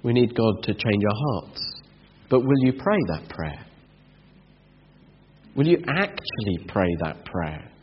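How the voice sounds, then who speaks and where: A man's voice: fairly low pitch, very animated, takes it slowly, long pauses, slightly rough. A man preaching a sermon, earnest, with rhetorical questions and rising emphasis. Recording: dull lo-fi sound in a reverberant hall.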